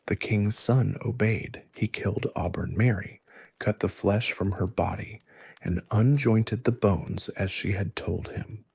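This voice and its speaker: A man narrating a folktale in soft ASMR storytelling, hushed and soothing. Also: on the low side, gravelly, slightly rough, no echo. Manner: slow, hushed, soothing delivery.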